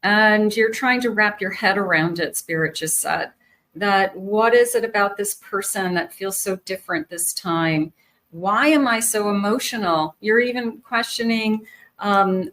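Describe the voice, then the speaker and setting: Slow-speaking woman giving a tarot reading. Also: medium pitch, a bit bright. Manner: slow, soothing, searching for words with many restarts. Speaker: psychic tarot reader.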